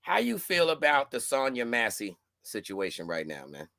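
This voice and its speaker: Gravelly, bright-toned male podcast host. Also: mid-range voice, wildly swooping pitch, normal speed, no room sound, studio quality. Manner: laid-back slangy talk with many repeated words. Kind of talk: casual chat.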